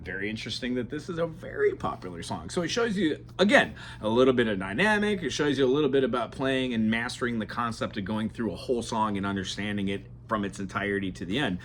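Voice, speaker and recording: In this casual beginner guitar lesson, a man speaks fast in a sing-song, mid-range voice with few pauses, over slight background noise. He rambles along chattily, singing song snippets while strumming an acoustic guitar that sits loud under his speech.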